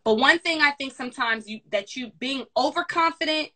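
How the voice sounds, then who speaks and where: Career advisor woman, quick and sassy, bright and fairly high voice. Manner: fast, animated and sassy. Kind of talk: casual advice chat.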